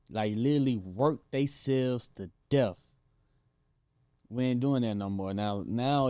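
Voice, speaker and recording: A man's voice: mid-range voice, warm tone, smooth, dry recording. Slangy man giving casual commentary. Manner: slangy, emphatic, laughing. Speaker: host.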